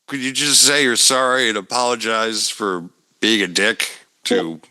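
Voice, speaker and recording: Bright-voiced man ranting with heavy swearing. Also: fairly low pitch, steady tone, measured pace. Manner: profane, exasperated ranting. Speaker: podcast co-host. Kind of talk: casual wrestling chat.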